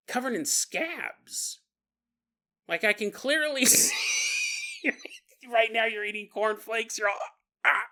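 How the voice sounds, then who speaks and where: Podcast host, male, bright tone, crude jokey storyteller who laughs a lot. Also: very high voice. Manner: crude humor. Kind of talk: comedic storytelling monologue.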